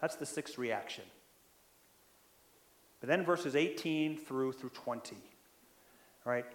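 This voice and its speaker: A man preaching a sermon in a conversational way, often checking in with the listeners, and growing louder when he stresses a point. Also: mid-range voice, slow pace, roomy sound. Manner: conversational, keeps asking "right?"; animated, builds in loudness when stressing a point. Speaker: pastor.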